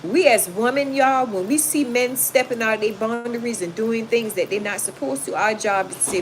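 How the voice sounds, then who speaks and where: A chatty woman hosts a casual livestream, reading viewers' comments aloud and answering them with blunt, sassy advice. Her voice sits a little high for a woman. The recording carries clear background noise. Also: normal speed, hardly any pauses. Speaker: livestream host reading chat. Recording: noisy home recording.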